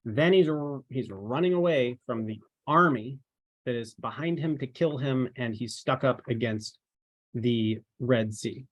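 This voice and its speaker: A man's voice: medium pitch, a little slow, no echo. A man as a trainer, giving an informal, rambling talk to his team and tossing in rhetorical questions. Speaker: ministry marketing trainer.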